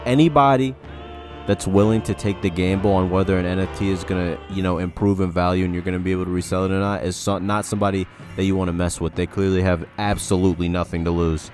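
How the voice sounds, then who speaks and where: A man's voice: low-pitched, steady tone, quick pace, a little mellow, soft background music. A man hosting a casual commentary video, reacting to posts in a wry, exasperated way. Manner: wry and exasperated, with mock warnings.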